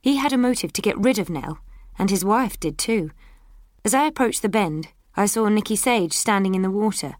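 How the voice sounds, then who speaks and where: A woman narrating an audiobook in the first person in a brisk, matter-of-fact way. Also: medium pitch, expressive, no echo, studio quality.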